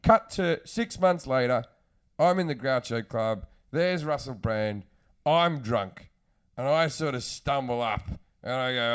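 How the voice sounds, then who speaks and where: A man's voice: mid-range voice, measured pace, clean tone. A man, a comedian hosting a podcast, telling crude, rambling anecdotes in casual chat and acting out the quotes.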